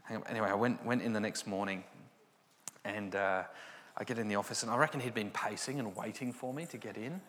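A man's voice: lowish voice, a little fast, fairly bright tone. A man giving a personal Christian testimony, storytelling and acting out the dialogue. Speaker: Christian speaker sharing testimony. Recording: long hall reverb.

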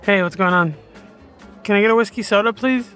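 A man's voice: sits high, fairly quick, fairly bright tone, faint music behind. A joking man narrating a scripted comedy. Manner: joking, casual. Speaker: narrator and lead.

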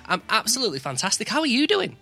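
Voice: mid-range voice, huge pitch swings, rapid-fire, gravelly, bright, forceful tone, slightly rough, faint music behind. A podcast host with a Northern English accent chatting casually, eager and often stumbling over restarts. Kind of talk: casual interview chat.

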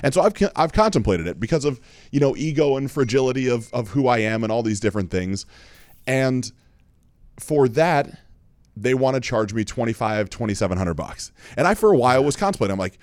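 Male podcast host, rapid casual storyteller, dry recording. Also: medium pitch, very animated, a little mellow, no room sound. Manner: fast, candid storytelling with frequent fillers. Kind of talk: casual chat.

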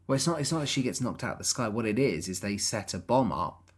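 A woman's voice: extremely low pitch, lively intonation, fast talker, slightly rough. A woman co-hosting a podcast, chatting casually about a film with sarcastic asides. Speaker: podcast co-host.

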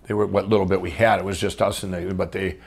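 A middle-aged man from Minnesota telling his own life story off the cuff, rambling with many restarts and swinging between excited and hushed. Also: low-pitched, fast, gravelly, slightly rough. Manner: rambling, full of restarts and "I'm going". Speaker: guest storyteller. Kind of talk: unscripted personal storytelling.

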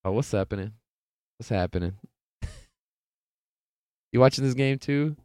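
A man's voice: mid-range voice, a little slow, dark tone, dry recording. A young man hosting a podcast, chatting casually about sports news in a laid-back, rambling way with lots of swearing. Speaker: podcast host.

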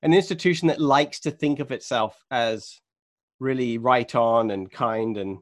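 A man's voice: medium pitch, unhurried. A man interviewing a guest, attentive and thoughtful, often murmuring agreement. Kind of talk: interview conversation.

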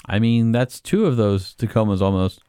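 A man's voice: on the low side, normal speed, clear, resonant tone, dry recording, studio quality. A man co-hosting a casual podcast, joking around and reading listener emails aloud with his own asides. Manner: animated, jokey, reads emails aloud with asides. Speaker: podcast co-host.

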